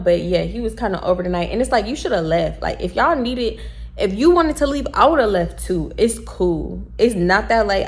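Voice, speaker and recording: A young woman from telling a casual storytime, blunt and animated, and she swears freely. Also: mid-range voice. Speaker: vlogger.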